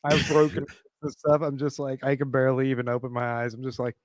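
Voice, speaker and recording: A man's voice: medium pitch, completely flat delivery, quick pace, no room sound, studio quality. A man playing a tabletop game, joking goofily in character. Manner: goofy, joking in-character player. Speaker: player.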